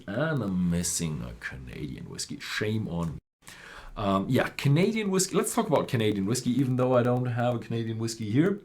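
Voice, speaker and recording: A man's voice: fairly low pitch, a little hiss or hum. A man explaining whisky types in loose, rambling talk, full of fillers and self-corrections. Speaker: whisky presenter. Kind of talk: unscripted explainer.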